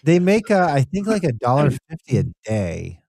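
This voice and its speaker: A man's voice: fairly high pitch, very animated, normal speed, creaky, a little mellow, no echo, studio quality. A man co-hosting a casual podcast chat, tossing in jokes and wordplay. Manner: jokey quips and wordplay. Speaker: podcast co-host.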